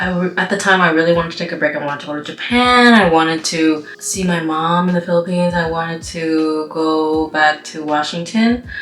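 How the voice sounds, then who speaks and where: A young woman talks through a casual storytime while she does her makeup, wandering off in asides and filling gaps with "like" and "you know." Her voice sits a little low. The room is echoey and soft music plays under her. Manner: rambling, heavy use of "like" and "you know". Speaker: vlogger. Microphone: camera mic. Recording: roomy echo with background music.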